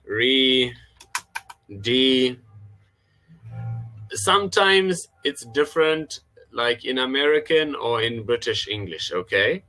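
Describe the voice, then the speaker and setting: Bright-voiced male English tutor on a video call. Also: medium pitch, lively intonation. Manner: patient, repeats words slowly for the student. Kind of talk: online pronunciation lesson.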